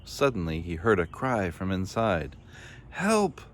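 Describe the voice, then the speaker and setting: A man with a low voice reading a children's story aloud. He tells it plainly and steadily, and a faint hiss sits under the voice. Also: normal speed. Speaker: storybook reader.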